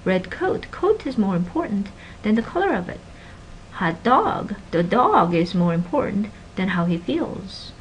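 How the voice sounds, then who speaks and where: A woman gives a linguistics lecture at a middle pitch, leaning hard on example words and then slipping into soft asides. Her voice has a faint hum of room noise behind it. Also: moderate pace, hardly any pauses, rough recording. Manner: animated teacher, stresses example words, drops to soft asides. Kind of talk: recorded classroom lecture.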